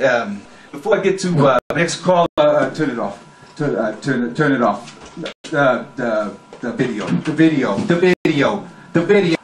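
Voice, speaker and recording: A man's voice: medium pitch, animated, unhurried, lightly acted. A man playing a cranky, rambling male talk radio host who stumbles through fillers and restarts, then barks orders and throws callers off. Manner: abrupt outbursts barking orders. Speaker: comedy performer. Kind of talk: spoof talk radio monologue. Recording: echoey room with background noise.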